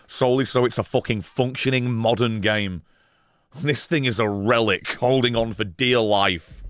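A man's voice: mid-range voice, normal speed, fairly bright tone, smooth, dry recording, soft background music. A man streaming a game live, ranting at his chat in a profane, exasperated way. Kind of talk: live gameplay stream commentary.

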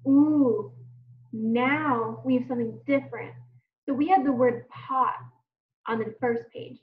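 High-voiced kindergarten teacher, slow and encouraging. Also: female voice, echoey room, a little hiss or hum. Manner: slow, encouraging, sounds words out to kids. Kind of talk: phonics lesson for young children. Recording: distant mic, dull lo-fi sound.

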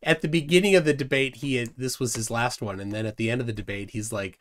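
A man from Minnesota co-hosting a casual livestream aftershow, reading viewer comments aloud with halting restarts. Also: mid-range voice. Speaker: show co-host.

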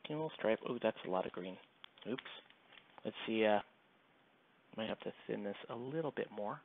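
A man's voice: fairly low pitch, animated, a little fast, creaky, a little hiss or hum. A man live streaming while he paints miniatures, chatting casually and rambling with many fillers into a headset mic. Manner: rambling, self-deprecating, lots of fillers. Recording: tinny phone-like sound.

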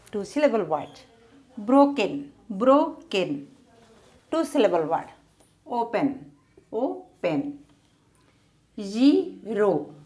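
Woman teacher, goes real slow and swoops up and down on words, drills them twice. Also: mid-range voice, darkish tone. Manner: drills each word twice, asks questions and answers them herself. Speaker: English teacher. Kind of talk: slow grammar lesson, repeating words.

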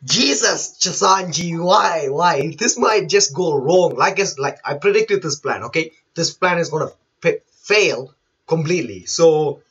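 A man's voice: a little high, lively intonation, measured pace, fairly bright tone, slightly rough, lo-fi sound. A man who is not a native English speaker, chatting through a manga chapter live, reading panels aloud and laughing often. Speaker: manga reaction host. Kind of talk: live reaction commentary.

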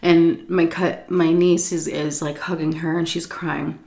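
Animated profane woman telling a story. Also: measured pace, vocal fry, roomy sound. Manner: animated, profane, acts out quotes in a high voice. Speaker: YouTube storyteller. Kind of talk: casual storytime while eating. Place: home, indoors.

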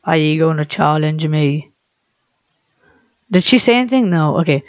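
A woman giving playful gaming commentary as a video host, giggly and excitable, breaking into high squealing outbursts. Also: unhurried, no room sound, lo-fi sound.

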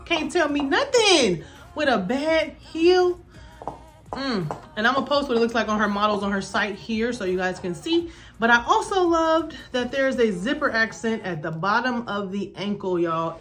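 A young adult woman filming a casual try-on haul at home, chatty and excited, calling viewers y'all and baby. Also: fairly high pitch. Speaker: fashion vlogger.

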